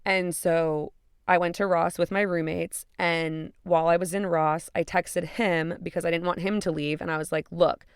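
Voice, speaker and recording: A young woman tells a personal story on her podcast, candid and emphatic, with a few swear words. Her voice is smooth but has a gravelly fry to it. The sound is dry and close. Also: fairly low pitch, fairly even intonation, moderate pace, no room sound. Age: young adult. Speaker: podcast host. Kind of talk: confessional storytelling.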